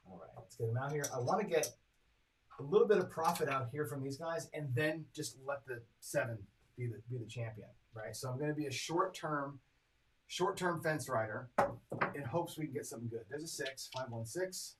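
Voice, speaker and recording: A man with a mid-range voice and a moderate pace hosts a live craps stream, captured in a low-quality recording with slight background noise. Chatty throughout, he reads the dice and tallies his bets while addressing viewers in chat.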